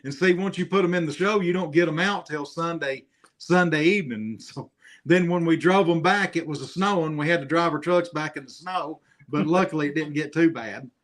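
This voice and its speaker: A man's voice: on the high side, fairly quick. A man in a casual chat, talking in a folksy, rambling way.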